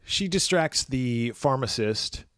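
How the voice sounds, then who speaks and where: Guy on a horror podcast going through the plot, swears a lot, mid-pitch voice, dry close mic. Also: lively intonation, slow pace, a bit bright, dry recording. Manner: profane, jokey plot recap. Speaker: podcast co-host. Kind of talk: casual horror film review chat.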